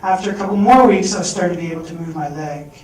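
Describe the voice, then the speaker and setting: A young man speaking on stage at a fundraising event, telling a personal story in an earnest, animated way. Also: high-pitched, fast. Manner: earnest, animated storytelling with strong rises in volume. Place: event hall. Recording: roomy hall sound picked up from a distance.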